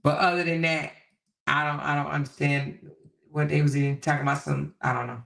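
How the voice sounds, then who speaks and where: A woman's voice: sits low, brisk, vocal fry. Incredulous woman live-streamer. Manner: animated, incredulous, talks to viewers as "y'all". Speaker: host. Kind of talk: casual live-stream chat.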